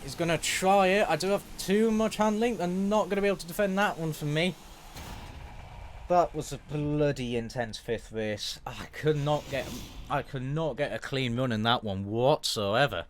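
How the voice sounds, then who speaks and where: Excitable man commentating a race game. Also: on the high side, moderate pace, a little hiss or hum. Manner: excitable play-by-play, swears when frustrated. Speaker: gaming YouTuber. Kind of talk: live racing game commentary.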